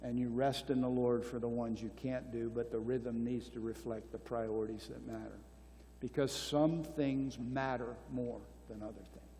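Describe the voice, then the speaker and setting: With a medium-pitched, warm voice, an older conference speaker responds to questions at a marriage conference. The church hall adds long reverb, and there's a little hiss or hum. He speaks earnestly, exhorting listeners and repeating key phrases.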